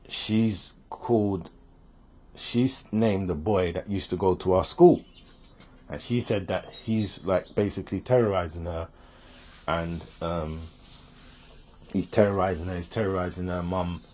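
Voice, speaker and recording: Husky low-voiced man telling a story. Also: warm tone. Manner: rambling, repeats himself, quotes others. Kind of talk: personal storytelling.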